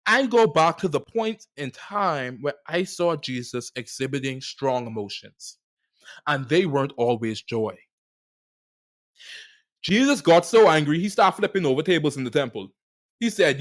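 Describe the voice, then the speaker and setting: Young adult man, podcast host, fairly high pitch, expressive solo monologue with playful swings. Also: measured pace. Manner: animated, playful riffs with big swings in pitch and loudness.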